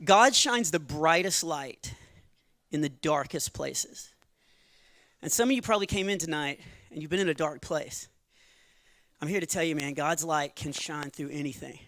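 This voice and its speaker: A middle-aged man doing stand-up comedy on a church stage, shifting between earnest testimony and playful jokes, with quick asides and laughs at his own lines. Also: on the high side, fairly bright tone, dry recording. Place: church stage before a live audience.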